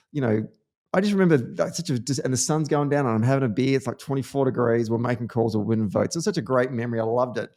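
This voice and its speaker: An Australian man hosting a podcast, chatting casually and telling lively campaign anecdotes. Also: medium pitch. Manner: animated storyteller, lively anecdotes. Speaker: podcast host. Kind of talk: casual political chat.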